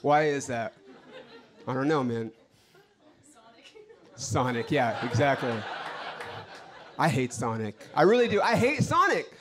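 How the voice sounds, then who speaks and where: A man's voice: medium pitch, big pitch swings, unhurried, long pauses, background noise. A man doing a brash, profane stand-up set on a club stage, ranting to the crowd. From Los Angeles. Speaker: stand-up comedian.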